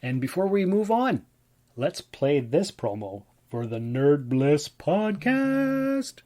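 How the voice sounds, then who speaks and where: A man's voice: a little high, big pitch swings, slow, dark tone. Tired, rambling man hosting a podcast. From Ontario, Canada. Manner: rambling, chatty, full of fillers. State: tired and yawning. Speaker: podcast host. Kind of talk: casual solo podcast monologue.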